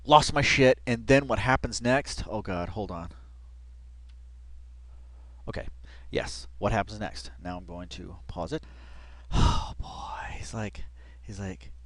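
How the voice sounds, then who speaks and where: A man's voice: mid-range voice, no room sound. A man giving casual reaction commentary, rambling with lots of fillers and bursts of laughter. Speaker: reaction video host.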